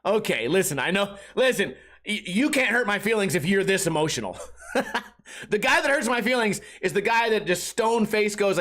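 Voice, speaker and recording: Solo podcast host, man in his thirties, animated mocking comic rant. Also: sits high, moderate pace. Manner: animated, mocking, puts on voices of others, swears freely.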